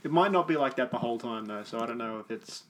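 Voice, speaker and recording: A man's voice: medium pitch, lively intonation, fast talker, fairly bright tone. A young man chatting casually and rambling with lots of fillers while watching a film. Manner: laughing, rambling, many fillers.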